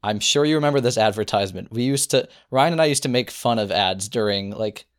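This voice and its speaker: Chuckling man in relaxed chat. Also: lowish voice, a little fast. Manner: relaxed, chuckling, mock-defensive. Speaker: podcast co-host. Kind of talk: casual chat.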